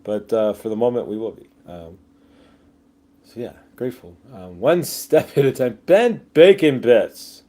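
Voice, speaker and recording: A man's voice: on the low side, expressive, normal speed, mellow. A man hosting a casual livestream, rambling with many fillers and jokey asides, reading viewer comments aloud. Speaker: livestream host.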